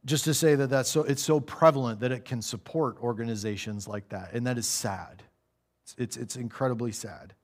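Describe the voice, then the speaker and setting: A man preaching a sermon in a church, conversational, acting out little voices and dropping quiet for serious points. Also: a little high.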